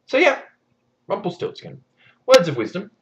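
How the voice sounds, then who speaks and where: A man's voice: sits high, wildly swooping pitch, moderate pace, recorded from a distance. A man retelling a fairy tale for comedy, full of wry, sarcastic asides. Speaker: storyteller. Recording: dull lo-fi recording.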